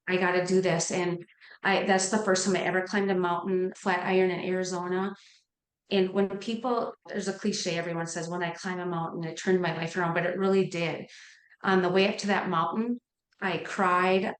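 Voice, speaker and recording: A middle-aged woman, a nurse, telling her personal story in an interview with earnest, heartfelt feeling. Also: mid-range voice. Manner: earnest, heartfelt, gets emotional. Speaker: nurse and life coach, podcast guest. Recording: echoey room.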